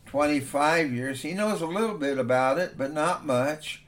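A man's voice: on the high side, normal speed, a bit bright. A man, a father himself, preaching a sermon in a conversational storytelling manner.

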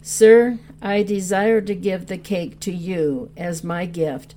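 An earnest little shepherd boy speaks in a hushed, tender way, read aloud by a woman. The tone is low and mellow, and the pace is unhurried. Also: steady tone, a little hiss or hum. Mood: ashamed, earnest.

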